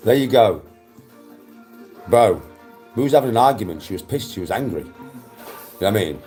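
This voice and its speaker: A man's voice: lowish voice, mellow. A young man, chatting on a livestream, blunt and defensive, swearing often. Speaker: livestream host. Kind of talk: casual livestream chat.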